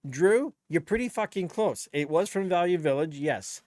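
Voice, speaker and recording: A man's voice: high voice, animated, normal speed, a little mellow, no room sound, clean studio sound. Blunt, swearing man in his fifties. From Canada. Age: 50s. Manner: profane, rambling and blunt. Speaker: DJ live streamer. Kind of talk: casual live-stream chat.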